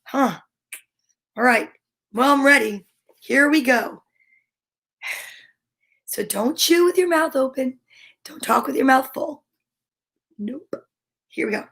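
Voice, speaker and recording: A high-pitched, bubbly woman hosts a children's story-time show, talking straight to the kids at home. She is middle-aged and chatty, with an animated, friendly delivery. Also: takes it slowly, pauses often, slightly rough. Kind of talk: cheerful chat to kids at home.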